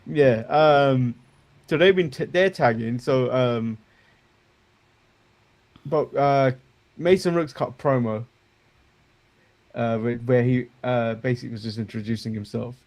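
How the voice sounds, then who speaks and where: A man's voice: mid-range voice, measured pace, long pauses, a little mellow. A man co-hosting a casual wrestling review chat, rambling and joking, chuckling at his own remarks. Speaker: co-host.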